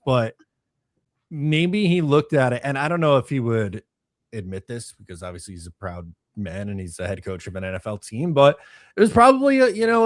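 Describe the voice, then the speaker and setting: A man co-hosting a casual sports podcast, measured and summing up points, sometimes reading out viewer comments. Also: mid-range voice, no echo, clean studio sound. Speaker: podcast co-host.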